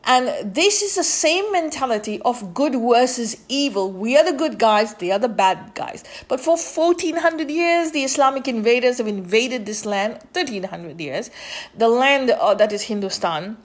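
A woman's voice: a little high, lively intonation, normal speed. A woman hosting a podcast, rambling in a casual monologue with many fillers and restarts, turning indignant at times. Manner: indignant commentary. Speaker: podcast host.

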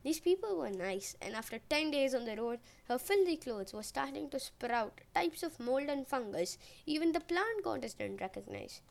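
Woman telling old myths casual and jokey, pretty high voice. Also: sing-song, moderate pace, vocal fry, hardly any pauses. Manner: chatty, jokey asides. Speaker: podcast storyteller. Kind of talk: casual humorous myth retelling.

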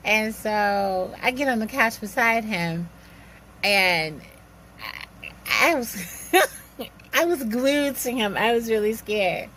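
A woman telling a personal story in a lively, animated way, acting out the dialogue and laughing now and then. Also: medium pitch, slow, pauses often, slight background noise.

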